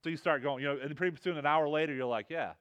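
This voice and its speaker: A man's voice: a little high, racing, a bit bright, lo-fi sound. A middle-aged man preaching a sermon in a loose, conversational way, with lots of fillers and restarts. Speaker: pastor.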